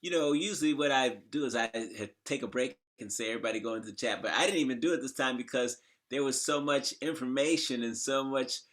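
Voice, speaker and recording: A man hosts an online show, chatting loosely and circling back on himself. His voice is bright and crisp, at a middle pitch. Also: fast talker. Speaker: show host. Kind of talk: live stream hosting.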